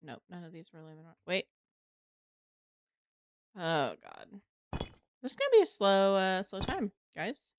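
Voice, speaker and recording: A woman's voice: mid-range voice, wildly swooping pitch, measured pace, long pauses, no echo. A woman streaming a game live, chatting casually to her viewers, swearing freely and talking to herself as she plays.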